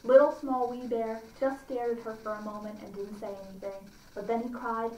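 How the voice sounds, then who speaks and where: A woman at a library reading a fairy tale aloud to children, pausing to comment and ask them questions. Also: fairly high pitch, level tone, mellow. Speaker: library storyteller. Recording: roomy, distant mic, faint ambience.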